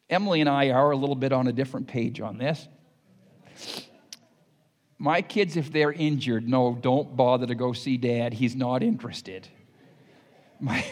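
A man's voice: medium pitch, big-room sound. An older man preaching a sermon as pastor, telling homespun stories and then pressing his point hard. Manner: folksy and anecdotal, rising to emphatic exhortation. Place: church sanctuary.

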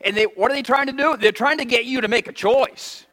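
Bright high-voiced preaching man in a reverberant hall. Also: fairly quick. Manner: emphatic preaching, has congregation repeat lines; reads scripture aloud in archaic wording. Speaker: pastor. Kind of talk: sermon.

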